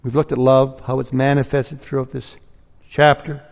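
A man's voice: medium pitch, flat delivery, moderate pace, vocal fry, darkish tone, in a large hall, lo-fi sound. A man preaching a sermon, earnest and pleading, rising to emphatic peaks.

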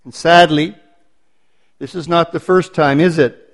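A man preaching a sermon, building points through emphatic repetition and slowing down on stressed phrases. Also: a little high, fairly even intonation.

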